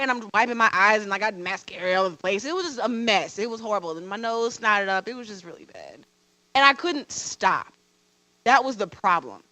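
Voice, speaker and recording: A woman speaking on a panel, her voice bright and forceful against a dry, close sound. She shares a personal story candidly, laughing at herself and repeating words for emphasis. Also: mid-range voice, animated, a little fast, no room sound, rough recording. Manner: candid, self-deprecating, emphatic repetition. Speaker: veterinarian and college teacher on a panel.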